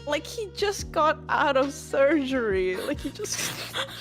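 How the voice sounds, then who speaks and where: Female guest, laid-back reactor, unhurried speech, slightly high voice. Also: sing-song, soft background music. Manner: slow reactive chat with laughs and exclamations. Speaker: guest streamer. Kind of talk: casual stream chat.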